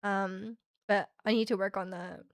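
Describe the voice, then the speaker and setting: A young woman from Canada streaming live, chatting casually and reading her chat aloud, rambling with lots of filler words and quick laughs. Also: mid-range voice, fairly even intonation, dry recording, studio quality. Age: young adult. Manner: rambling, heavy use of "like" fillers, frequent laughs.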